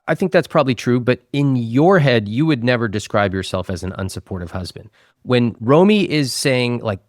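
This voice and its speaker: A man hosting a personal finance interview, asking calm, probing questions of a couple. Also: mid-range voice, normal speed, no echo, clean studio sound. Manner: calm, probing questions, quotes others' words back. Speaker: host, financial advisor.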